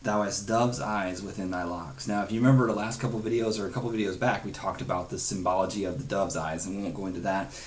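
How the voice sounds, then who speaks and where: Low-voiced man teaching a Bible study. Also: fairly even intonation, racing, slight background noise. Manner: earnest and conversational, with chuckles and quoted asides.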